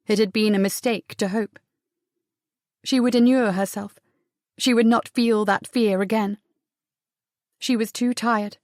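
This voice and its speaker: A woman narrating a historical romance audiobook, in a measured, even reading with the dialogue softened. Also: fairly high pitch, no echo, studio quality. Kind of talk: scripted narration.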